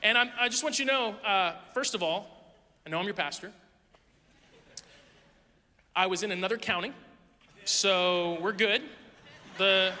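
High, bright-voiced man preaching in a hall. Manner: candid, self-deprecating, lively anecdotes. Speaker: pastor. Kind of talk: conversational sermon storytelling. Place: church sanctuary. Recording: long reverb of a large hall.

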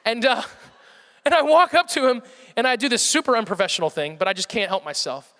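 Young male storyteller, high and bright, self-mocking and animated, heard in a reverberant hall. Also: brisk. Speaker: speaker addressing a live audience. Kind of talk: comic storytelling talk.

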